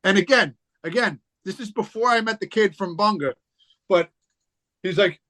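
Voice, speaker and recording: A man's voice: high voice, moderate pace, sharp tone. A man, a guest on a casual chat show, telling rambling stories full of fillers and swearing. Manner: rambling, profane storytelling with many fillers. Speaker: podcast guest, rapper.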